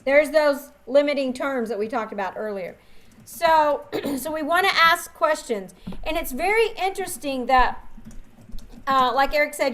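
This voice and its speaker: A woman dental practice trainer teaching a live coaching seminar, animated and instructive, quizzing her audience. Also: high-pitched, a little slow.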